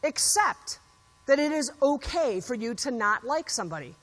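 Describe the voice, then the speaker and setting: A woman keynote speaker with a high voice tells stories to a conference audience and acts out the quotes with plenty of animation. Her voice carries through a large hall with a long reverb tail. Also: moderate pace. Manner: animated storyteller acting out quotes. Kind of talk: motivational keynote speech.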